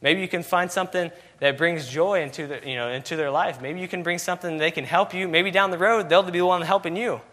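A man's voice: sits high, quick pace, few pauses, fairly bright tone. A man preaching a sermon, asking repeated rhetorical questions with constant "you know" fillers.

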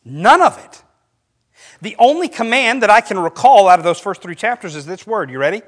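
A middle-aged pastor preaches a sermon through animated storytelling, his voice rising for quoted lines. He speaks a little fast in a high-pitched voice.

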